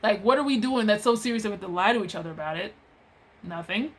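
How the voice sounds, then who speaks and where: A woman's voice: mid-range voice, fast talker. Exasperated woman ranting about work. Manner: exasperated, animated, chatty. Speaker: vlogger telling a work story. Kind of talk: casual storytime rant.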